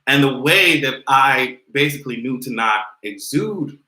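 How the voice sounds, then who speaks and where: A young man chatting casually on a livestream, sassy and animated, with frequent cursing. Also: medium pitch, measured pace. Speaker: vlogger hosting a livestream. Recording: roomy echo.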